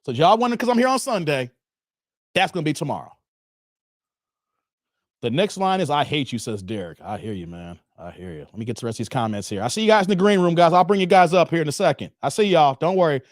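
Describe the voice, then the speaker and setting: A middle-aged man with a fairly high voice, hosting a casual livestream. He jokes loosely and chuckles as he reads out chat, calling everyone "man". The sound is close and dry, with no room around it. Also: expressive, fast talker, dry recording. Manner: loose, joking, laughs often, calls viewers "man". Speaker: livestream host reading chat.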